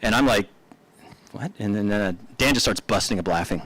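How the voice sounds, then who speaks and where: A man's voice: lowish voice, normal speed, a bit bright, slightly rough, no echo, rough recording. A man telling loose, laughing stories about an old friend at a memorial service, in a casual rambling way with many fillers. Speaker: eulogy speaker. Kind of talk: casual storytelling eulogy.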